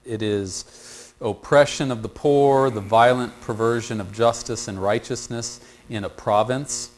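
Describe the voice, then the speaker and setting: A man teaching a Bible study group, talking haltingly and repeating words as he works through a passage and draws answers from the class. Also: mid-range voice, steady tone.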